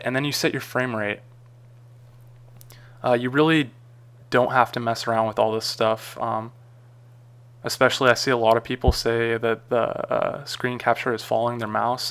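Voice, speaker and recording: Man, tutorial narrator; gravelly, smooth tone, loose rambling delivery. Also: mid-range voice, fairly bright tone. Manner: casual, rambling, frequent ums and uhs. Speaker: tutorial maker. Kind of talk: screen-recorded software tutorial.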